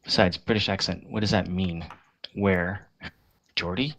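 A man's voice: low-pitched, steady tone, a little slow, fairly bright tone. A man in casual voice chat after a game session, rambling and correcting himself as he goes. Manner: rambling, hesitant, self-correcting. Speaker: game player.

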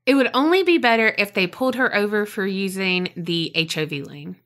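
A woman's voice: medium pitch, a little fast, a bit bright. A woman co-hosting a podcast, mostly reacting with short remarks and joking quips in casual chat. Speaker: podcast co-host.

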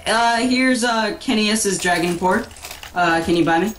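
A man in a casual team voice chat, goofy and joking, who bursts into loud shouts. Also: high-pitched, measured pace. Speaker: player. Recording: echoey room with loud background noise.

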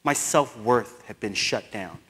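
A man giving a keynote speech, telling a personal story with animated delivery and acted-out dialogue. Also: on the low side, a little slow, husky. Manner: animated, acts out dialogue, laughs often. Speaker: keynote speaker.

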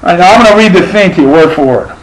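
A man's voice: sits high, expressive, racing, poor audio. A middle-aged man with a lisp, telling a profane, rambling stand-up story full of restarts. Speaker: stand-up comedian.

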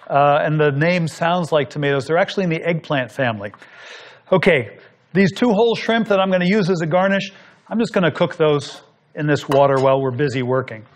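A man hosting a cooking show, explaining each step in an easy, instructive way while he works. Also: on the high side. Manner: explanatory, talks while working. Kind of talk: cooking demonstration.

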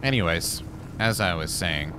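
A man's voice: low voice, expressive, a little slow, sharp tone, slight background noise. A man giving casual gameplay commentary, chatting with the game and yelping when things go wrong. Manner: chatty, talks to the game, flustered yelps. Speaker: gaming YouTuber.

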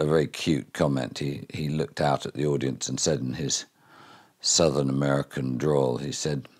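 Very deep, husky older man speaking. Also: a little mellow. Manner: reflective, wry, many fillers and restarts. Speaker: keynote speaker. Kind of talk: keynote speech.

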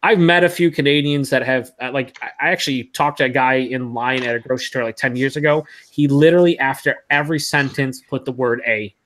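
A man's voice: mid-range voice, fairly even intonation, a little fast, few pauses, fairly bright tone. A man hosting a casual livestream chat, joking loosely and swearing freely. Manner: loose, swearing, jokey banter. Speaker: host of a beer livestream.

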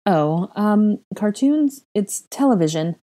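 A woman's voice: mid-range voice, expressive, takes it slowly, mellow, pitched above the performer's own voice. A woman reading as a flustered, apologetic young witch. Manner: awkward and apologetic.

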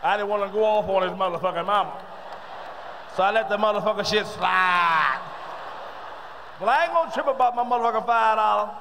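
A man's voice: high-pitched, a little fast, long pauses, sharp tone, a little hiss or hum. A man playing a fed-up man griping about an unpaid debt, packing nearly every phrase with profanity. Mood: aggrieved.

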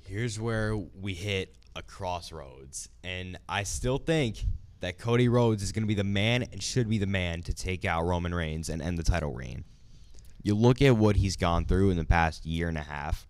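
A man's voice: low-pitched, normal speed, clear, resonant tone, no echo. A young man co-hosting a casual talk show, speaking with enthusiastic, opinionated energy. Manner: enthusiastic, opinionated, animated storytelling. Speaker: co-host of a wrestling talk show. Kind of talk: casual chat.

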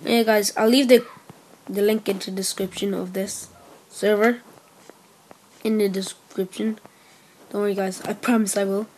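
A young woman giving casual gameplay commentary as host of her gaming channel, rambling and repeating herself, with sudden excited shouts. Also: mid-range voice, normal speed, pauses often, slight background noise.

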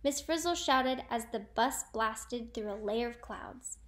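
A teacher reading a children's storybook aloud, clear and expressive. Her voice sits slightly high. She tells the story at an even, friendly read-aloud pace. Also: unhurried.

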